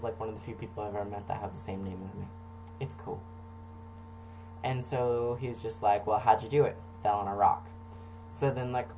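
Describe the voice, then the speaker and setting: A man casually telling a personal story for a vlog, sarcastic and animated, acting out the voices of the people in it. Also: mid-range voice, slight background noise.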